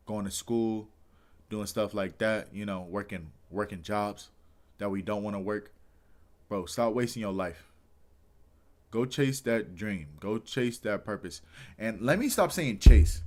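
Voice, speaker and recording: A man's voice: on the low side, darkish tone. A tired young man, a streamer giving a rambling, earnest motivational talk and swearing casually. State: tired, yawning.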